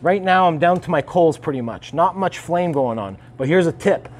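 A man's voice: on the high side, lively intonation, normal speed, a little mellow, slight background noise. A man hosting a barbecue tutorial outdoors beside his smoker, coaching viewers in a confident, direct way. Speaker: barbecue channel host. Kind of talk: hands-on cooking tutorial.

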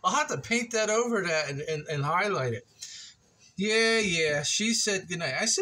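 A man's voice: high-pitched, animated, normal speed, pushed and bright. A man chatting casually to his viewers while building a wooden project at his kitchen table, playful and joking at himself. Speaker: woodworking vlogger.

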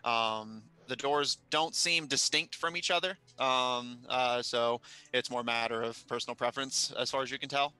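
A man running a tabletop game as game master, narrating scenes at a measured pace. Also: medium pitch, bright, forceful tone, clear, resonant tone, no room sound. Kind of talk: running a tabletop game over a live stream.

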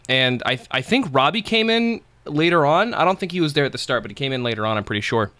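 A man's voice: fairly high pitch, animated, brisk, sharp tone, no room sound. A man streaming live gameplay, chatting casually in a rambling, profane, jokey way and thanking viewers.

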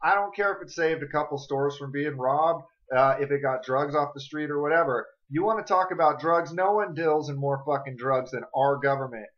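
An angry man rants straight at his viewers in a home vlog, swearing hard and jabbing with questions. His voice sits a touch high, and the lo-fi webcam audio sounds dull and muffled. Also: normal speed, hardly any pauses. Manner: angry, profane, confrontational, addresses viewers directly. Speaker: vlogger. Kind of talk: ranting political vlog.

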